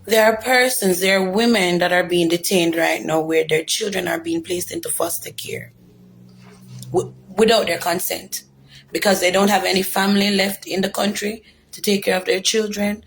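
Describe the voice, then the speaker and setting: A woman's voice: medium pitch, normal speed, gravelly, slight background noise. A young Jamaican woman giving an earnest, emotional personal testimony, repeating herself for emphasis. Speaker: former detainee telling her story.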